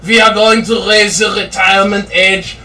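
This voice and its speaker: A man co-hosting a podcast, cracking dry, deadpan jokes in casual chat. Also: high voice, normal speed. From United States. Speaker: podcast co-host. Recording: slightly distant mic with faint background noise.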